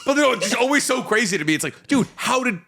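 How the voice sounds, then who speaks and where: Young guy cohosting a podcast, lively swoopy delivery, laughs a lot, swears, rambles. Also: very high-pitched, quick pace. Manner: animated, laughing, profane, rambling explanations. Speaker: podcast co-host. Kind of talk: casual chat.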